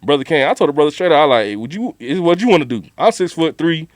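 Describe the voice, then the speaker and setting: A man's voice: a little high, fast, no echo. Slangy man telling a story, lifted voice. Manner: animated, slangy, acts out quotes. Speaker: podcast co-host. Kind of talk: casual storytelling chat.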